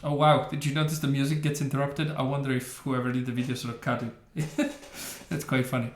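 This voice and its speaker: A man's voice: mid-range voice, flat delivery, fairly quick, few pauses, soft background music. Sarcastic man ranting in a roomy echo. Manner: sarcastic, scornful, laughs often. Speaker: reaction video host. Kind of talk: opinionated game reaction commentary.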